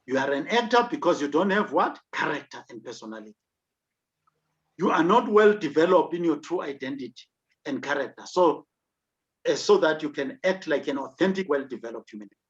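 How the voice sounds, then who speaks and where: A man's voice: on the high side, animated, moderate pace, long pauses. Emphatic South African man lecturing. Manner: emphatic, rhetorical questions. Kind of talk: online leadership lecture. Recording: dull lo-fi recording.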